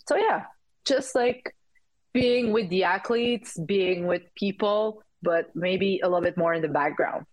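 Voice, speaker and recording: A woman's voice: mid-range voice, unhurried, no room sound, low-quality recording. A woman in her thirties with a French Canadian accent, a podcast guest talking with many fillers and restarts. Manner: hesitant, many fillers and restarts, laughs often. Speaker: guest, Olympic speed skater. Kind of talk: casual interview chat.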